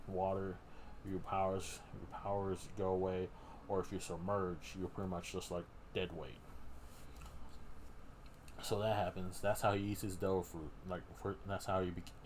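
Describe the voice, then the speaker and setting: A man's voice: deep voice, level tone, normal speed, darkish tone, rough recording. A man hosting a casual live stream, rambling through a story recap with many fillers and restarts. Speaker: streamer host. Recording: background noise.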